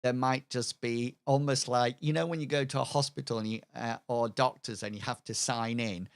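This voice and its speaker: A man's voice: medium pitch, steady tone, normal speed, clean tone, no room sound. A man on a livestream planning a tabletop campaign, talking hesitantly as he brainstorms ideas. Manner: hesitant, full of fillers and restarts while brainstorming. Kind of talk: thinking-aloud worldbuilding livestream.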